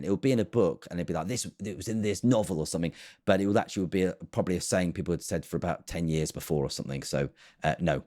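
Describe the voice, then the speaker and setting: A man with a very deep voice, riffing in sarcastic, rambling comic commentary. He talks casually and loosely, and keeps circling back on himself. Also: a little mellow. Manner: sarcastic, rambling with fillers and restarts. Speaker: comedy show host.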